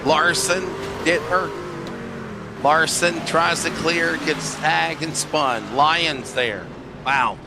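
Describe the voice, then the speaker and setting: A man calling a sim racing broadcast as play-by-play commentator, excitable and jokey, shouting when crashes happen. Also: fairly high pitch, very slow, very noisy. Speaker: race commentator.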